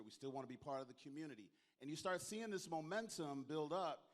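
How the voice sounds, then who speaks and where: A man speaks from a convention stage at an even middle pitch. He tells jokey stories and keeps calling on the crowd to applaud, in a lively closing speech. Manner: storytelling, joking, calls on the audience to applaud.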